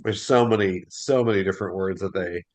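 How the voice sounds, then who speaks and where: A man leading a Bible study class in a relaxed, chatty way with plenty of fillers. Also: deep voice, fairly quick. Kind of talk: casual class discussion.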